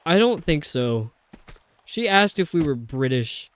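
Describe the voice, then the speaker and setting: A man with a slightly higher-pitched voice and a faint New York metropolitan accent chats casually while he plays a video game. He rambles from one thought to the next and laughs often. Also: big pitch swings, a little slow, slight background noise. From New York City metropolitan area. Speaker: streamer.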